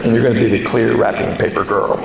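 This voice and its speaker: A man performing stand-up comedy, telling a story in a deadpan, matter-of-fact way full of quoted back-and-forth. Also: lowish voice, fast, vocal fry. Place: comedy stage before a live audience. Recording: roomy live recording with loud background noise.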